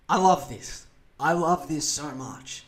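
A man, hosting a podcast and ranting casually about politics in a lively, profane, mocking way. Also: a little high. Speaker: podcast host.

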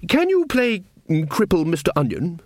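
A bluff older wizard chief, as a male narrator acts him out, stammering and booming in a raised, lively voice. He bounces up and down in pitch with hearty confidence, recorded dry and close. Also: normal speed, no echo, full character voice.

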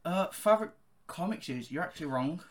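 A man's voice: a little high, animated, fast talker. A young man co-hosting a casual podcast, joking around and swearing a lot. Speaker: podcast co-host. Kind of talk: casual chat.

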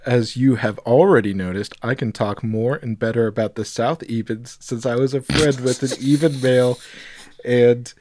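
Steady man reading aloud, dry sound. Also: mid-range voice, moderate pace, no echo. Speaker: podcast co-host. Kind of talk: casual podcast chat, reading aloud.

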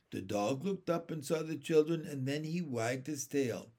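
A man reads a children's chapter book aloud in expressive storytelling. He goes very slowly with a lively, melodic rise and fall. His voice has a gravelly, creaky grain, sitting slightly high. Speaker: narrator.

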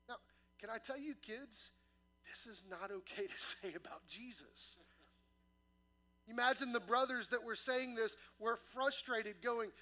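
High bright-voiced pastor preaching. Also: male voice, measured pace. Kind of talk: sermon. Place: church sanctuary.

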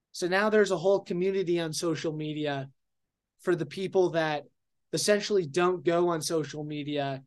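A young man hosting his own podcast, ranting bluntly in a casual, rambling monologue full of swearing and fillers. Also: on the high side. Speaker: podcast host.

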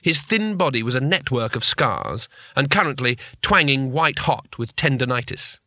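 A man reads a comic fantasy novel aloud with wry, measured timing. His voice is bright and forward, and the studio recording is dry and close. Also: medium pitch, lively intonation, no echo. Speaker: audiobook narrator. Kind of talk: scripted narration.

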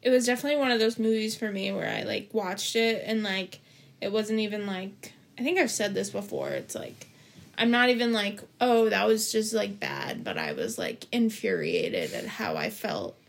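Husky, gravelly young woman chatting. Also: medium pitch, expressive, normal speed. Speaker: podcast co-host. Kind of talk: casual chat.

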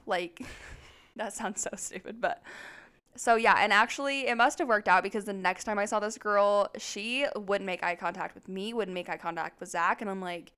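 A woman sits at the mic and tells a story in casual, animated podcast chatter, cursing easily. Her voice is smooth and clear at a middle pitch. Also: normal speed. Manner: animated, chatty, swears freely. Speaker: podcast co-host.

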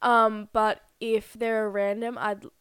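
A woman's voice: on the high side, little pitch movement, a little slow, a bit bright, clear, resonant tone, dry recording, studio quality. A young woman co-hosting a podcast, chatting casually with a friend and peppering her talk with "like". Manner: chatty, frequent "like" fillers. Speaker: podcast co-host. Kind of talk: casual chat.

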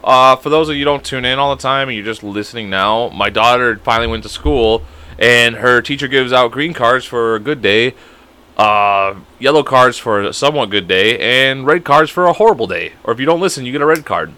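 A man's voice: medium pitch, a little fast, clean tone. A man in his thirties, a podcast co-host, rambling and swearing his way through a casual story. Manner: rambling, profane, animated storytelling. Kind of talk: casual chat.

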